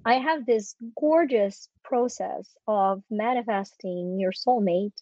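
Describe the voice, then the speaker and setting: A woman's voice: medium pitch, slow, a little mellow, dry recording, dull audio. A woman in her forties, a guest coach on a podcast, teaching a process step by step with eager emphasis. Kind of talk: podcast conversation.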